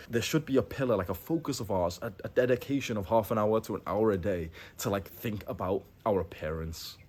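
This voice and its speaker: A young man talking straight to camera, giving blunt self-improvement advice in a casual, filler-heavy way with lively bursts of emphasis. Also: deep voice. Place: in Thailand, indoors.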